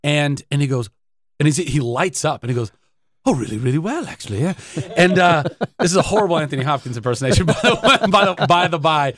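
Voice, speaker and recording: A man from Southern California talking as an interview guest in a radio studio, telling stories in an animated, excitable way with sudden jumps in pitch. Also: fast talker. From Southern California, USA. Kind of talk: casual interview chat.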